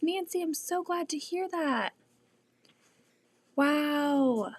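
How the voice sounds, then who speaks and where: A woman's voice: high-pitched, lively intonation, slow, long pauses. A woman hosting a casual quilting live stream, chatting with viewers in her home sewing room, often using "like" as a filler.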